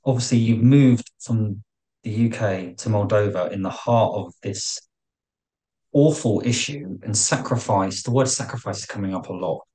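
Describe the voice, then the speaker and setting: A male podcast host jumps in eagerly with his questions. His voice is low-pitched and mellow. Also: normal speed, low-quality recording. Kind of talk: podcast interview.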